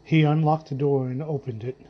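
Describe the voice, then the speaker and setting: A man narrating a story in a measured, dramatic reading style. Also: fairly high pitch, steady tone. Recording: dull lo-fi audio with faint music.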